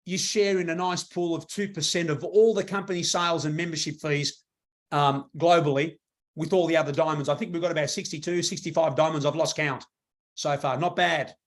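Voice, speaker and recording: Man, high voice, excited sales pitch, addresses the room. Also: fairly quick. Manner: enthusiastic, repetitive, talks to a live audience. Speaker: presenter at a business meeting.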